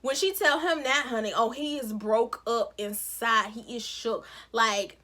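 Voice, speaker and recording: A woman recapping a TV episode with sassy, animated commentary. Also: a little high, unhurried. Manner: sassy, expressive storytelling with playful asides. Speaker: recap vlogger.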